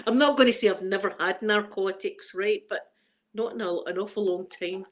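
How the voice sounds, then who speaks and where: A middle-aged Scottish woman chatting casually on a live stream, emotional and quick to laugh, greeting viewers by name. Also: mid-range voice, slight background noise. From Scotland.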